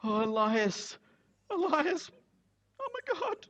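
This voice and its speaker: A man voicing a distraught grieving widow in a high wailing falsetto. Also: sing-song, slow, a bit bright, dull audio, heavily acted.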